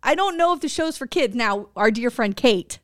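A woman in her forties co-hosting a podcast in casual chat, animated and laughing often, with free swearing. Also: a little high, normal speed, no echo, clean studio sound. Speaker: podcast co-host.

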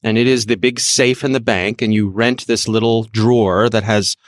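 A man's voice: on the low side, steady tone, normal speed, no room sound. A man from the US, a guest on a podcast, chatting easily and explaining things. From United States. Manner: easygoing, explanatory, chuckling. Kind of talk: casual podcast chat.

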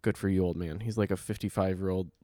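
A man's voice: low voice, fairly even intonation, fast, warm tone, no room sound, clean studio sound. A man co-hosting a casual chat, animatedly acting out quotes from people he met on the street. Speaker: podcast co-host. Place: New York.

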